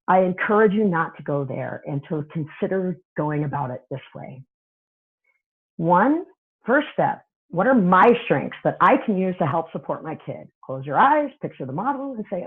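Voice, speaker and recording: A woman's voice: lowish voice, lively intonation, moderate pace, husky. A woman therapist and coach giving a teaching talk, conversational and often checking in with "right?". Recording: tinny phone-like audio.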